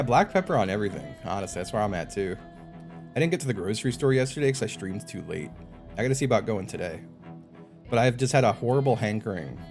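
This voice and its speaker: Male streamer, casual live chat, lively swooping pitch, curses freely, faint background music. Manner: animated, swearing, exasperated outbursts.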